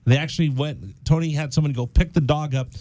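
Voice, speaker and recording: A man hosting a casual radio talk show, telling a story in an animated way in a studio. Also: on the high side, a little fast, dry recording. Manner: animated storyteller, acts out quoted voices.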